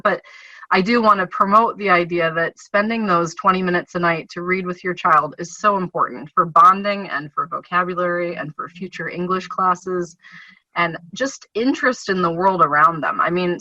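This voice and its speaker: A woman's voice: lowish voice, sharp tone, no room sound. A woman talking as a podcast guest about reading with her children, chatty and laughing between her points. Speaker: guest, homeschooling mother. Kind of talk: casual podcast chat. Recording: dull lo-fi podcast audio.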